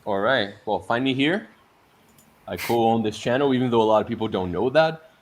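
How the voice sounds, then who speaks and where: A man's voice: medium pitch, normal speed. A man who co-owns the channel, co-hosting a football podcast in an easygoing, agreeable way. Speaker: channel co-owner and co-host. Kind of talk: casual football chat.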